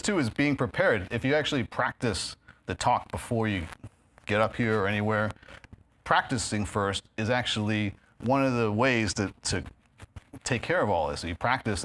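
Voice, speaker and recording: A man with a lowish, fairly bright voice and a New York accent, from New York himself, gives a casual talk as a guest speaker to a live audience in the meeting hall of a spiritist center. Picked up on a handheld or stand microphone with a little hiss or hum, he's chatty, uses many fillers, and laughs at his own jokes.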